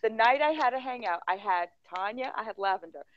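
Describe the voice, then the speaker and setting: A woman hosts a casual online chat, her voice pitched high and swinging widely as she tells stories. She laughs often and talks in an animated way. The sound is dry and a little dull, like a lo-fi webcam mic. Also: brisk, over a noisy crowd. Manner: giggly, animated, frequent laughing outbursts. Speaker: livestream host.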